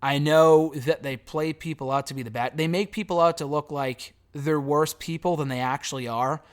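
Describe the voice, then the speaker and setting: A man's voice: a little high, steady tone, normal speed. Blunt, profane man reviewing. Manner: blunt, sarcastic, swears freely. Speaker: wrestling show reviewer. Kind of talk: casual spoken review.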